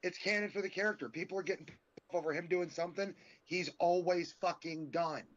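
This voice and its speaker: A man's voice: sits high, fairly even intonation, a little fast, a bit bright. A man co-hosting a casual wrestling chat podcast, ranting in a heated, profane way. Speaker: podcast co-host. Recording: dull lo-fi sound.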